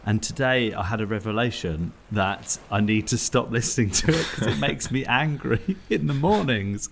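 A man co-hosting a comedy podcast, talking in an animated, rambling way and laughing at himself. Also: mid-range voice, normal speed, creaky, a little hiss or hum. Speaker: podcast co-host. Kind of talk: casual comedic chat.

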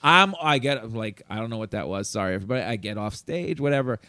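A man hosting a podcast, a comedian telling stories in a lively, acted-out way. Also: medium pitch, fast, no echo, clean studio sound. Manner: animated, acts out quotes. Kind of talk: casual storytelling chat.

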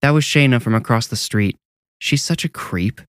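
A man's voice: medium pitch, expressive, moderate pace, fairly bright tone, dry recording, studio quality, close to an everyday voice. A man voicing a bold, protective older sister with a blunt, brash way of talking. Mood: scornful.

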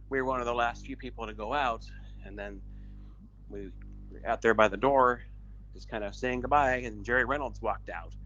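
A man of middle pitch calls in to a sports talk show, reminiscing hesitantly and filling pauses as he goes. His voice comes through dull and lo-fi. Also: bright, forceful tone. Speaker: caller. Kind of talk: phone-in chat. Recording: dull lo-fi audio.

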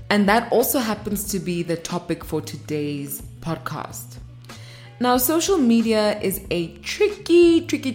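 Upbeat chatty woman hosting a podcast. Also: on the low side. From South Africa. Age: 30s. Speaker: podcast host. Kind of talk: casual podcast monologue.

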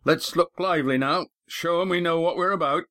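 A man voicing a male boat skipper who gives brisk orders to his crew. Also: a little high, sharp tone, no room sound, clean studio sound, voice pushed up. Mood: commanding.

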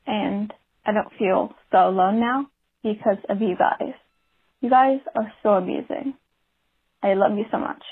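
A woman leaves a gushing, grateful voice message over a tinny phone line. Her voice is husky and slightly breathy. She speaks with earnest warmth. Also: mid-range voice, a little slow. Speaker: caller. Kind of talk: recorded voice message.

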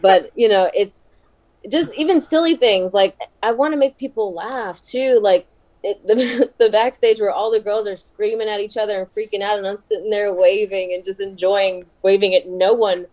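A woman guest in a casual interview, chatty and quick to laugh, with many fillers. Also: medium pitch, a little mellow, low-quality recording. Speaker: wrestler and podcast guest.

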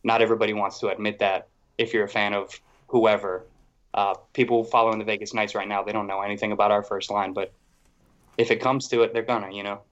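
A man co-hosting a podcast, talking hockey casually in a rambling, animated way with a lot of "like". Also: lowish voice, quick pace, lo-fi sound. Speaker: podcast co-host.

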